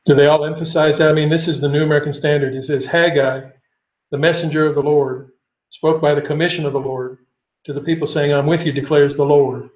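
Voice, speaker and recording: Guy teaching bible class, reads verses then quizzes the room, kinda high voice, echoey lo-fi recording. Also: level tone, brisk. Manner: reads scripture aloud, then questions the class.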